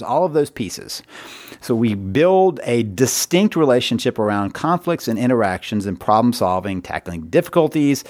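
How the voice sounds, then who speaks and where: A man's voice: mid-range voice, dry recording. A man hosting a podcast, talking casually and telling a story in a loose, conversational way. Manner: conversational storytelling with brief playful voices. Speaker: podcast host.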